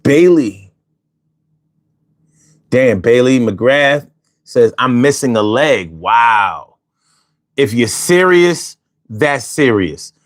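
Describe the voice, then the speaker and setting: A man's voice: medium pitch, animated, very slow, pauses often. A man hosting a casual livestream, talking in slang and repeating phrases for emphasis. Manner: slangy, peppers speech with "yo". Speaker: livestream host.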